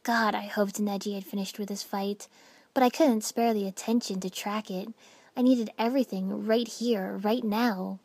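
A woman narrating a first-person story with dramatic expression, dropping to hushed whispers at tense moments. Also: medium pitch, fairly even intonation, moderate pace, dry recording. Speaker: audiobook narrator.

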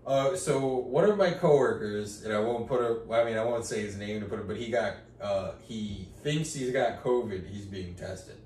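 A man's voice: fairly low pitch, normal speed, few pauses, darkish tone. A man co-hosting a casual podcast, rambling, restarting often, and swearing casually. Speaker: podcast co-host. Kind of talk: casual chat. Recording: roomy, distant mic with faint noise.

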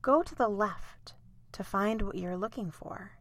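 A woman voicing a sad, hurting male island in a soft, gentle voice. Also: medium pitch, a little slow, dry recording.

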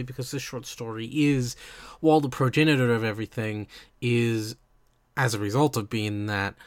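A man's voice: medium pitch, fairly bright tone, dry recording. A young man hosting a solo podcast monologue, rambling and self-deprecating with many fillers. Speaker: podcast host.

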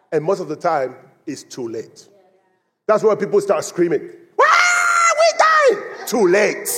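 High-voiced male preacher in a reverberant hall. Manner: animated storytelling, acting out quoted voices with laughter. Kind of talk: sermon. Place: church in Phoenix.

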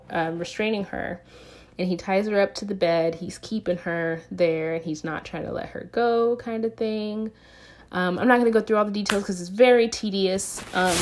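A woman's voice: lowish voice, a little mellow. A woman casually retelling a movie plot, chatting with lots of fillers and acting out the characters' quotes. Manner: chatty storytelling with acted-out quotes and frequent fillers. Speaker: movie reviewer. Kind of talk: casual film recap.

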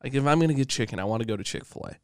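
A man's voice: mid-range voice, animated, racing, no room sound. A young man co-hosting a podcast, teasing and joking in casual chat with his partner. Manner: teasing, playful, jokey. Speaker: podcast co-host.

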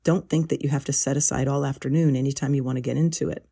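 A woman's voice: a bass voice, fairly even intonation, fast, vocal fry, dark tone, slightly rough. A woman hosting a gardening podcast, introducing guests with a friendly, lightly humorous manner. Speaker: podcast host.

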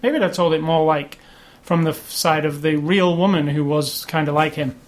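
A man co-hosting a casual movie review chat, rambling and opinionated, getting animated when he complains. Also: fairly high pitch, normal speed. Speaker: podcast co-host.

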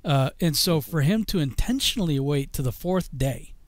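Guy hosting a chat on bible stories, animated, acts out bits, dry mic. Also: a little high, moderate pace, no room sound. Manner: animated storyteller, acts out quotes. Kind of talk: casual religious discussion.

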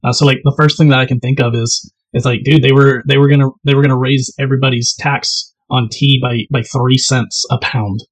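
Fast, husky podcast co-host. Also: male voice, medium pitch, level tone, no echo, rough recording. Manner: rambling, slangy, with frequent restarts. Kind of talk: casual podcast chat.

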